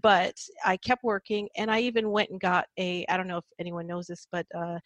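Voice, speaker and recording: A woman's voice: fairly low pitch, fairly even intonation, brisk, no echo, highs cut off. A woman in her thirties, a podcast guest, telling her personal story reflectively with frequent fillers and small laughs.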